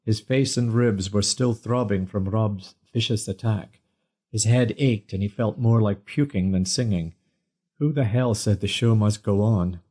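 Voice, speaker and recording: A man narrating an audiobook in a measured storytelling manner. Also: lowish voice, mellow, husky.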